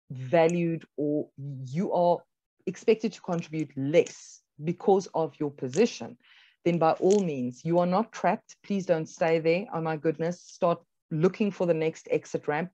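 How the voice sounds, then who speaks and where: A woman's voice: low voice, dark tone, no echo, highs cut off. A woman co-hosting a podcast, giving earnest, emphatic advice and closing the show. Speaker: podcast co-host. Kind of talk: encouraging advice and outro.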